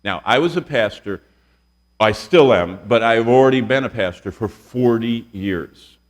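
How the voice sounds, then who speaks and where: Telling stories and asking the students questions, a sixty-something pastor teaches a Bible lesson to a college class. He speaks in an animated, mid-range voice at a slightly slow pace.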